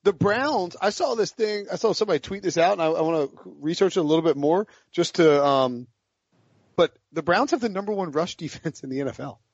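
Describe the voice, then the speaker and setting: A man's voice: on the high side, fairly quick, no echo. A man hosting a sports podcast, ranting in a fired-up, casual way about football picks. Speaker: podcast host. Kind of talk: casual sports betting talk. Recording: dull lo-fi audio.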